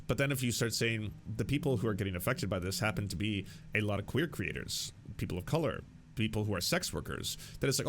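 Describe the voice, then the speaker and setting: A man's voice: on the low side, animated, fast, fairly bright tone, slight background noise. A young man hosting political commentary, ranting in a sarcastic, exasperated way and swearing freely.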